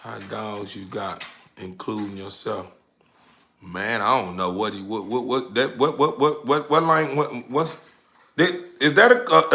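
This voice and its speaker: A man's voice: medium pitch, a little slow, gravelly, bright, forceful tone. A young man hosting a casual live stream, laid-back and drawling, repeating words as he reads viewer comments.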